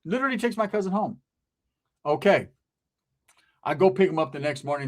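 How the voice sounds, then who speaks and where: A man telling a long comic story, animated and full of street slang and swearing. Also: sits high, fairly quick. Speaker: comedian. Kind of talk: stand-up storytelling.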